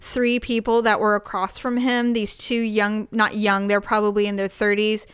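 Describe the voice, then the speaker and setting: A woman telling a story in casual conversation, animated, acting out the voices of people she quotes and laughing often. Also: medium pitch, normal speed, clear, resonant tone, no room sound, clean studio sound.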